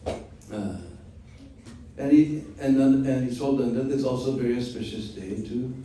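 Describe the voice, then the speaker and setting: Brief: male spiritual teacher, mellow voice, storytelling class, echoey room from far off. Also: mid-range voice, slight background noise. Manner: unhurried, with frequent "hmm?" check-ins.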